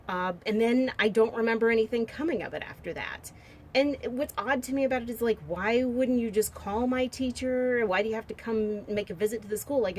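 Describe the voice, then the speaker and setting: A woman's voice: medium pitch, slight background noise. A woman in her forties rambles in a loose, half-serious monologue, cracking small jokes along the way. Her voice sits in a mid, ordinary register for a woman. She muses aloud as she clicks through pictures. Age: 40s. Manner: muses aloud while browsing pictures on screen. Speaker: vlogger. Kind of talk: casual monologue to camera.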